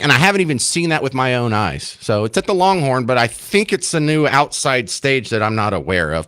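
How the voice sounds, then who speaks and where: A talk radio host chats from his studio in a casual, rambling monologue full of self-mockery. His voice leans high and a bit bright, and the recording is dry.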